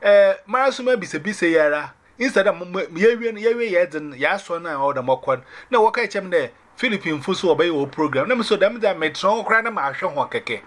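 A man sharing a personal faith testimony, telling it in an animated way and dropping in English phrases. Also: sits high, quick pace, hardly any pauses.

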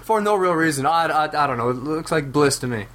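A man's voice: fairly high pitch, animated, fairly quick, a bit bright. A man on a podcast in casual chat, musing with amusement. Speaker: podcast guest.

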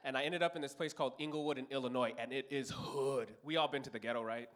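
A man's voice: medium pitch, steady tone, fast, a bit bright. A man from Los Angeles in his thirties telling a profane stand-up story on a comedy club stage, acting out other people's voices.

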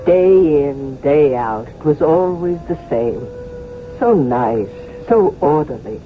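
A man narrating a radio drama in a calm, measured storytelling voice. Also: fairly high pitch, noisy background. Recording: tinny old radio broadcast with music.

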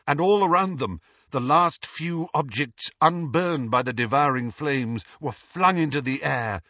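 Male audiobook narrator, expressive, bright voice, slow pace. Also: a little high, no room sound, dull audio. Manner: dramatic, expressive reading. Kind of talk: scripted narration.

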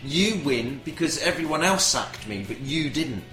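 A man's voice: fairly high pitch, animated, a little slow, sharp tone, reverberant, faint music behind, poor audio. A man co-hosting a comedy podcast, dry and self-deprecating in his banter. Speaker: podcast co-host.

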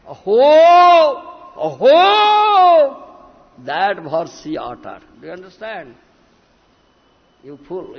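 A man's voice: medium pitch, gravelly, breathy edge. A man giving a devotional sermon, stressing points emphatically and often breaking in with "huh?" and "isn't it?". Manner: emphatic, frequent questioning "huh?" and "isn't it?" asides. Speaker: spiritual teacher. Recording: reverberant, dull lo-fi lecture recording.

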